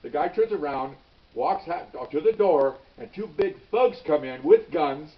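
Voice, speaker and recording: A man in his sixties, a retired police officer telling a story in an animated way, with many restarts and "okay?" tags. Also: on the high side, a little slow. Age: 60s. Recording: dull, slightly distant recording.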